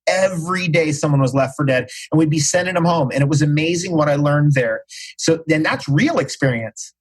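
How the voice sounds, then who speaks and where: Husky guy talking fast and intense on a podcast, keeps hammering the same phrase, voice on the higher side. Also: low-quality recording. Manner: emphatic, repeats phrases for stress. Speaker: podcast guest. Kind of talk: casual interview talk.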